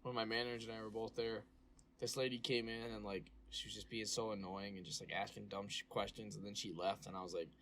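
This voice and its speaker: Young male podcast co-host; lively, anecdotal, profane; faint room noise. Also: on the low side, fast. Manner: animated storyteller, acts out quotes, swears freely. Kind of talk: casual chat.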